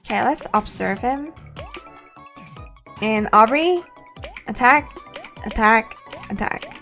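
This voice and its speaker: Woman streamer, let's-play chat, higher voice, faint game music behind. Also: lively intonation, slow, pushed and bright. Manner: chatty, laughs easily, thinks aloud. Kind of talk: casual let's-play commentary.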